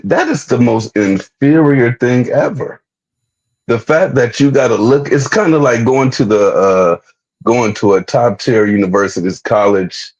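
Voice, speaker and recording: A man with a low, husky voice talks bluntly and emphatically, full of slang. His audio comes through dull and muffled. Casual chat with a hard edge. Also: darkish tone.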